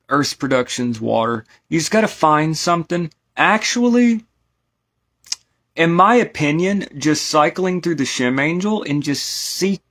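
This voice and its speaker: An American man with a mid-range voice gives a casual spoken lecture on esoteric lore. He rambles through plenty of asides and keeps asking his listeners "right?"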